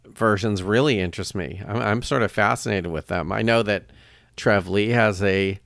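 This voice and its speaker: A man's voice: lowish voice, moderate pace, creaky, fairly bright tone, dry recording, clean studio sound. A man co-hosting a podcast in casual chat, chatty and often trailing off mid-thought. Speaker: podcast co-host.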